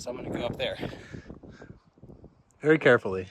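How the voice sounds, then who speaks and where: Excitable young man vlogging a hike. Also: mid-range voice, quick pace, long pauses. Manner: excitable, slangy, laughs often. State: out of breath. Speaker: hiking vlogger. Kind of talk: outdoor vlog commentary. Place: outdoors on a hiking trail by a waterfall. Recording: noisy outdoor recording.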